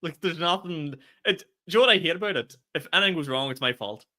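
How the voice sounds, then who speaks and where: A young man, co-hosting a podcast and telling stories in animated, laughing casual chat. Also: a little high. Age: young adult. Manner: fast, animated storytelling with laughter. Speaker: podcast co-host and stand-up comedian.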